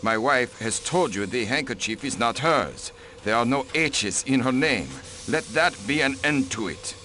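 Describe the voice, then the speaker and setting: A man's voice: mid-range voice, animated, measured pace, pushed and bright, a little hiss or hum. A man voicing a haughty, protective aristocratic diplomat in a mystery game. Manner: haughty, clipped and dismissive. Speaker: count and diplomat. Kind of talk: video game voice acting.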